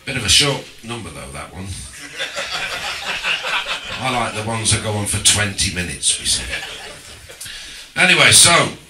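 Slow deadpan comic in an echoey club. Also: male voice, fairly low pitch, heavy background noise. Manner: deadpan, slow and deliberate with pauses. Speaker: stand-up comedian. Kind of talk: stand-up comedy set. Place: social club stage, live audience. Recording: roomy live club recording from a distance.

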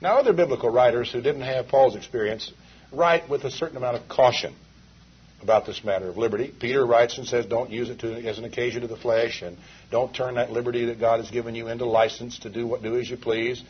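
A man's voice: mid-range voice, steady tone, fast, husky. A male preacher delivering an emphatic sermon full of rhetorical questions, heard on a dull, lo-fi 1980s tape.

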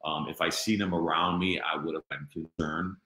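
A man's voice: low-pitched, steady tone, moderate pace, bright, forceful tone, reverberant, poor audio. A middle-aged man in an interview, telling his own story in a blunt, street-talking way with lots of "you know" fillers. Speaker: guest.

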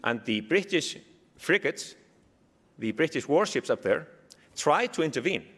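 A man with an Icelandic accent giving a keynote speech, telling a story with animated humor. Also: a little high, a little slow, breathy edge. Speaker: keynote speaker. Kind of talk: speech to a summit audience. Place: large hall. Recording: long hall reverb.

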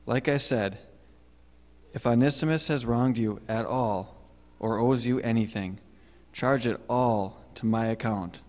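A man acting a calm apostle who gently urges a friend to forgive, in a sermon skit recorded in a reverberant church hall. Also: mid-range voice, unhurried, close to an everyday voice. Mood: persuasive. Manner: calm, persuasive. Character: calm older apostle urging reconciliation.

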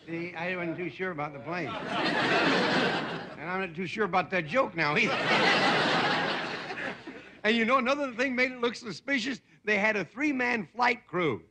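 A man's voice: high-pitched, expressive, a little slow, long pauses. A man in his fifties from Indiana, hosting a comedy show with a stand-up monologue and chuckling at his own jokes. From Indiana, USA. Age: 50s. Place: TV studio stage before a live audience. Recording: 1960s TV broadcast with hiss and studio audience laughter.

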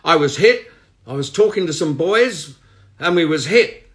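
A man voicing a bewildered, wounded priest who speaks gruffly and bluntly. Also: fairly high pitch, expressive, unhurried, fairly bright tone, voice pushed up. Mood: shaken.

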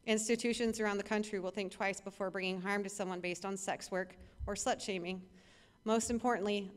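A woman's voice: mid-range voice, smooth. A woman reading her own personal essay aloud, earnest and emotional, with a few small restarts.

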